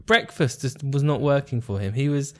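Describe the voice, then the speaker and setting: A man's voice: mid-range voice, expressive, normal speed, darkish tone. A man co-hosting a podcast, dropping dry, wry quips in casual chat. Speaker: podcast co-host.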